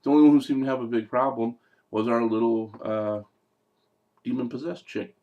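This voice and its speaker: A man's voice: medium pitch, steady tone, normal speed, lo-fi sound. A man giving a casual, rambling movie review, full of fillers, digressions and jokey asides. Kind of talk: casual film review vlog.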